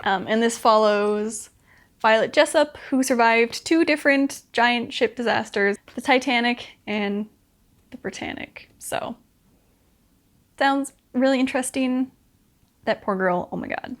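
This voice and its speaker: Chatty young woman, slightly high voice. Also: unhurried. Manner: chatty, filler-heavy, upbeat. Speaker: book vlogger. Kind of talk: casual chat to camera.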